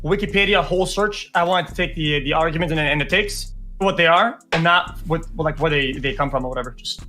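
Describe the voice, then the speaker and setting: A man's voice: a little high, fast talker, pushed and bright, soft background music. A man on a stream panel, speaking in a laid-back, joking, blunt way. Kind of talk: casual panel debate.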